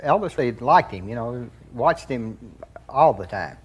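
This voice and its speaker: Older male interviewee, raspy voice, casual plain-spoken storyteller. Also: mid-range voice, lively intonation, unhurried.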